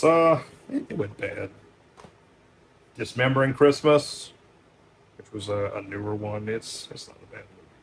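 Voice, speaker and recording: Casual, cussing man with a lowish voice. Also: a little hiss or hum. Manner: loose and profane, with frequent fillers and loud jumps on titles. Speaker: video store owner presenting movies. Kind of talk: casual rundown of a movie stack.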